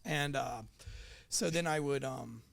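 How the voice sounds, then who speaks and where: Gravelly-voiced man telling animated stories. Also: mid-range voice, slow. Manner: animated anecdotes, acts out quoted dialogue, swears casually. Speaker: podcast guest, former police officer. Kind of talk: casual storytelling chat.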